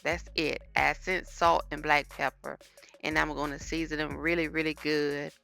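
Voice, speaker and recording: Low, bright-voiced woman vlogging her cooking. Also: level tone, moderate pace, vocal fry, faint music behind. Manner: chatty, talks straight to viewers. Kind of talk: casual cooking vlog chat. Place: home kitchen. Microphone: phone camera.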